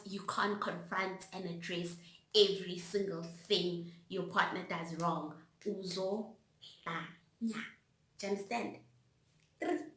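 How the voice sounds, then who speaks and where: Slow-talking South African woman vlogger. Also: medium pitch. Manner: animated, direct, acts out her own outbursts. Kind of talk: casual advice monologue. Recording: roomy echo.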